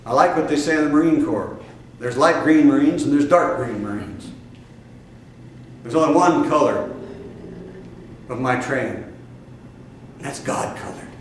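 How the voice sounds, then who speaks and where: An older man with a Midwestern American accent preaching a sermon to a congregation, emphatic and fiery, with sudden loud bursts and drawn-out stresses. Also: mid-range voice. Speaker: spiritual teacher. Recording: echoey distant room recording with faint noise.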